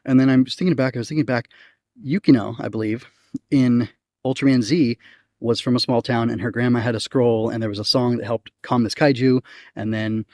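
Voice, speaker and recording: A man's voice: mid-range voice, fairly even intonation, fairly quick, darkish tone, no echo, studio quality. A man hosting a casual solo podcast, reviewing an episode in a rambling way with frequent ums and likes, recorded outdoors. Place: outdoors in nature.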